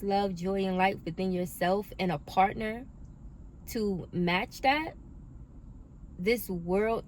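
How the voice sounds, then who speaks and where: A woman's voice: mid-range voice, slight background noise. Emphatic affirming New woman. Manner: emphatic, affirming, casual swearing. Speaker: oracle card reader. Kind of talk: collective spiritual reading. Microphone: phone.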